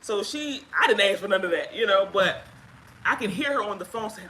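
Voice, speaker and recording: A woman casually telling a personal story on a live stream, chatty and halting with fillers, acting out what others said. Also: mid-range voice, expressive, fairly bright tone, low-quality recording. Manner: chatty, halting with fillers, acts out quoted speech. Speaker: guest sharing her story.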